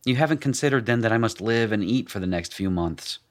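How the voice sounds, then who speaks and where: A man's voice: on the low side, animated, brisk, lightly acted. A man reading a story, voicing a jovial, shrewd male armorer who bargains with folksy wit. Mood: wry.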